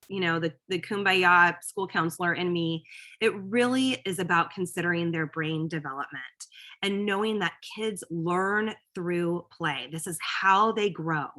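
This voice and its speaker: Upbeat lady giving a parenting talk, bright clear voice, keeps asking "all right?". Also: medium pitch. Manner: upbeat, emphatic, checks in with listeners. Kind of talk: presentation to parents.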